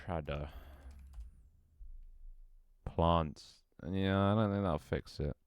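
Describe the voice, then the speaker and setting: A man with a very deep, low voice mutters and thinks aloud while he builds a game level on stream. He swears freely, banters with his chat, and his voice sometimes cracks. The sound is dry and close, with no room echo. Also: drawn-out words, clear, resonant tone. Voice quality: voice cracks at times. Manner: mutters to himself, swears often, jokes with chat.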